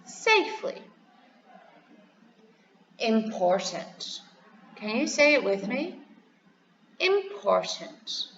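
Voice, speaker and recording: A woman teacher slowly giving a review lesson to young pupils, spelling each word letter by letter and asking them to repeat. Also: a little high, very animated, fairly bright tone, lo-fi sound, slight background noise. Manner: slow, clearly spelled out, letter by letter; encouraging, asks to repeat words. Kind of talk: recorded classroom review lesson. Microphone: computer microphone over slides.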